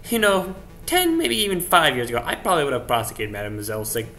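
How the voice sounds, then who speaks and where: Earnest male prosecutor, reflective, slightly high, bright, played by a man. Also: wildly swooping pitch, fast talker, faint music behind, exaggerated voice. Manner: earnest, reflective, jokey asides.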